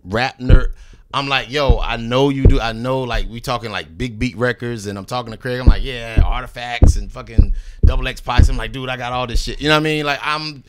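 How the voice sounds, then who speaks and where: Faint music plays behind a man with a mid-range, fairly bright, smooth voice, fairly even intonation, and a fairly quick pace. A recording artist guest on a podcast, he tells a long story in a laid-back, profane way, acting out quoted people and dropping "you know what I mean."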